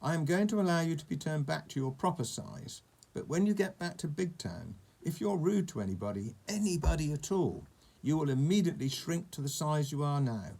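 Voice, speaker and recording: A man voicing a stern, regal goblin king in a storybook reading, speaking in a measured, lecturing, grand way. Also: a little high, lively intonation, vocal fry, warm tone, voice pushed up.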